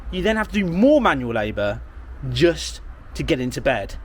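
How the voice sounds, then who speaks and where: Wry man, slightly high voice. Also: big pitch swings, normal speed, husky. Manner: wry and sarcastic, laughs at himself. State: a bit out of breath. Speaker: vlogger. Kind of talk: self-deprecating comic vlog. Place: outdoors at a campsite.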